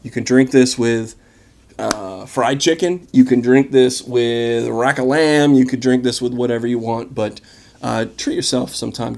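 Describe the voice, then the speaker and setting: A man hosting a casual wine tasting, talking in a relaxed, chatty and enthusiastic way with plenty of fillers. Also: fairly high pitch, gravelly. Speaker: wine vlogger.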